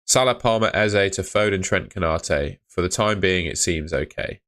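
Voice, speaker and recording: Low-voiced laid-back man streaming. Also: moderate pace, a bit bright. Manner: laid-back, chatty, reads viewer messages aloud. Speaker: fantasy football streamer. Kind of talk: casual live-stream chat reading comments.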